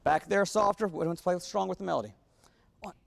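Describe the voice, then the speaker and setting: A man's voice: high-pitched, quick pace, gravelly. A man conducting a wind band rehearsal, talking players through phrasing and singing the rhythms on syllables. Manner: sings rhythms on syllables, coaxing and instructive. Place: large rehearsal hall. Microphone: wireless body mic. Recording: long hall reverb, band music behind.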